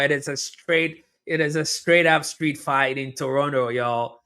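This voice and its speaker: This watch-along host has a fairly high, clear and resonant voice, speaking unhurriedly with few pauses. He gives live reaction commentary on the match, chatting and talking directly to viewers, repeating himself, and shouting loudly with excitement at near misses.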